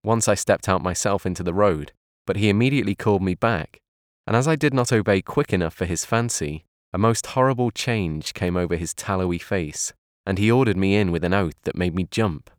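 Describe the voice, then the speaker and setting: A man reads an audiobook aloud in a calm, measured way. His voice sits very low. The sound is dry, with no room echo. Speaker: narrator. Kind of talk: audiobook narration.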